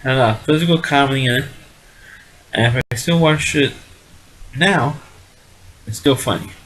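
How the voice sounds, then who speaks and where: A man at an ordinary middle pitch rambles through a casual review of a sitcom. He is blunt and dismissive, repeats himself and keeps restarting his sentences as he goes. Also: fairly bright tone, poor audio. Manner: rambling, repetitive, restarts often.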